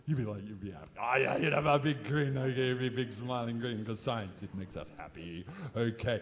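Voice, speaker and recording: A mid-range male voice, a touch quick, belongs to an Australian man clowning around with a volunteer and the audience during a live stage science demo. The recording carries the echo of the large hall he's performing in.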